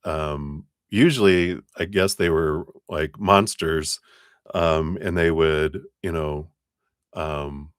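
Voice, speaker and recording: A man's voice: extremely low pitch, fairly even intonation, takes it slowly, clear, resonant tone, dry recording, studio quality. A man giving a casual live tarot reading, chatting, storytelling and laughing often. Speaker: tarot reader on a live stream.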